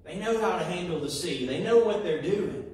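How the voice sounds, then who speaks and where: A man's voice: high voice, animated, normal speed, a little mellow. A man preaching a sermon in a church, in a conversational, chuckling manner. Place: church sanctuary. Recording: echoey church hall from far off.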